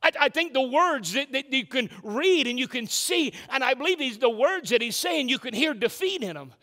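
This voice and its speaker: Preaching from the pulpit, this pastor uses a sharp, very high-pitched voice, animated and at an ordinary speed. He keeps saying "can I tell you" and restarts his words while pressing each point. The sanctuary gives the sound a long hall reverb.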